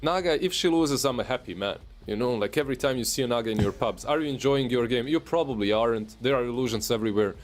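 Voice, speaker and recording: A man's voice: mid-range voice, fast talker, hardly any pauses. A man giving casual, opinionated color commentary on a pro video game match, chatty and full of filler words. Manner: relaxed, chatty, lots of "like" and opinion.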